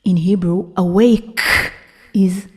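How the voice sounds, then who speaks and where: A woman giving a live lecture-performance, moving between hushed whispers and loud, drawn-out vocal sounds she repeats for effect. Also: fairly low pitch, steady tone, background noise. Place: university hall, live before an audience. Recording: echoey live room.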